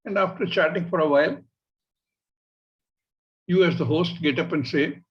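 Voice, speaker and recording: A man with an Indian English accent, teaching a scripture class in a measured way and acting out everyday examples. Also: on the high side, dull audio. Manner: measured, illustrative, acts out examples. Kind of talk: spiritual class lecture.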